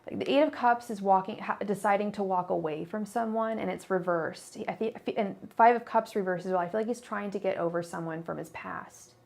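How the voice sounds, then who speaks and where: A young woman gives a casual tarot reading on a livestream. Her voice has a gravelly fry, and she rambles with many fillers and quick apologies. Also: medium pitch. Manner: chatty, apologetic, full of fillers and restarts. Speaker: tarot reader.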